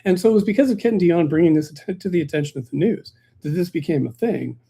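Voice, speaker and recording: A man's voice: on the high side, fast, vocal fry, warm tone, husky. A man who hosts a local politics podcast, chatting casually and jokingly on a livestream with many fillers and restarts. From Canada.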